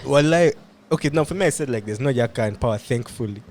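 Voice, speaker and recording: A man co-hosting a podcast in relaxed, playful chat, laughing often. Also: mid-range voice, fast, slight background noise. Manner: playful, laughs often, slips into sing-song bits. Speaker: podcast co-host. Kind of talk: casual chat.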